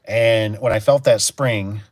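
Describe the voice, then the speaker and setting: Low-voiced rambling garage door guy. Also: takes it slowly, dry recording. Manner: rambling, storytelling, acts out his own reactions. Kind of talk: casual rambling livestream chat.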